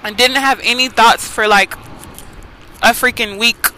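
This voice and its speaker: A woman's voice: a little high, steady tone, unhurried, bright, forceful tone, poor audio. A young woman hosting a podcast, telling a personal story in an earnest, emotional way, often saying "like" and "y'all". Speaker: podcast host.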